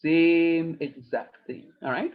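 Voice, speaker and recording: A man talks a math class through each step, patient and playful. His voice sits a little high, and the online recording sounds dull and lo-fi. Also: fairly even intonation, slow. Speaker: teacher.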